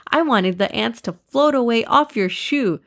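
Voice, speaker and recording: A woman's voice: fairly high pitch, animated, measured pace, voice pushed up. A woman doing a small timid boy. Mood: earnest.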